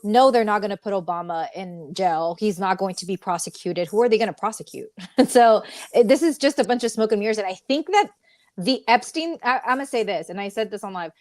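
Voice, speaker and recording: A young woman talks politics in a loose, opinionated chat full of fillers and restarts. Her voice sits at a middle pitch, recorded close and dry with no room sound. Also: expressive, a little fast, a little mellow, dry recording.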